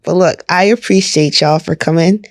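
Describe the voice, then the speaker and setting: A woman's voice: fairly low pitch, moderate pace, dry recording, clean studio sound. A woman hosting a podcast in casual chat, signing off with hyped, slangy energy. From Houston, Texas. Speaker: podcast host.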